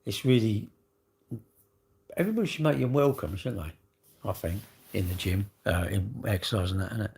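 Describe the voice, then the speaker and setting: Gravelly, rambling English man. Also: lowish voice, expressive, moderate pace, long pauses, a little mellow. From England. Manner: rambling, chatty, full of tag questions. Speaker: livestream host. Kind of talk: casual livestream chat.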